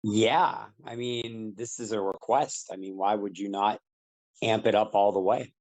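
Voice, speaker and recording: A man's voice: on the low side, fairly even intonation, measured pace, darkish tone, dry recording, poor audio. A man co-hosting a podcast, chiming in with blunt, teasing remarks. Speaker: podcast co-host. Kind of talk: casual chat.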